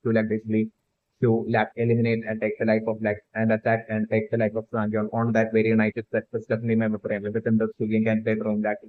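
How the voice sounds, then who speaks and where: Quick and utterly flat, this fairly low-pitched man delivers a meandering solo commentary for a fan theory video. Fillers like "like" and "uh" pack almost every phrase, with frequent restarts, on a tinny, phone-like recording with no echo.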